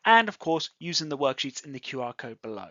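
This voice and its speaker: A bright, expressive voice with a lively rise and fall in pitch, taking everything slowly as it explains grammar to learners. The sound is close and dry, with a slightly dull, lo-fi quality. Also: no echo. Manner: slow, clearly enunciated teaching delivery. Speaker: English teacher. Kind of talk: ESL grammar lesson.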